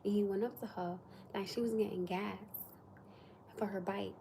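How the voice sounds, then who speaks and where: Woman ranting on a live stream, soft warm voice, bit of hiss behind. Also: medium pitch, normal speed, vocal fry. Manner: animated, drops to whispers for emphasis. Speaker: livestream host. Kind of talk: casual livestream chat.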